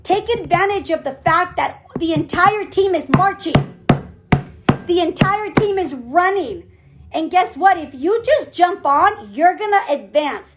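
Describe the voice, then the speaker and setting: A woman team leader giving an energetic motivational pep talk on a group call, emphatic and repeating her phrases. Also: extremely high pitch, unhurried, heavy background noise. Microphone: call audio.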